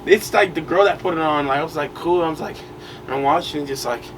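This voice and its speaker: A man's voice: on the high side, quick pace. Young guy rambling a story on a podcast, lots of like and you know, far from the mic, ac hum behind. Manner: rambling, slangy, lots of fillers. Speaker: podcast co-host. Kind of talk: casual storytelling chat. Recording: distant mic with noise behind.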